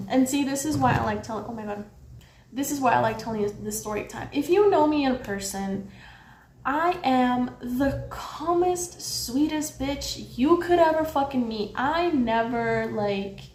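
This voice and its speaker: High-voiced young woman, swearing and animated. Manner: animated, heavy swearing, swings loud when heated. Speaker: vlogger. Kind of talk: storytime vlog. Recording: roomy echo with faint background noise.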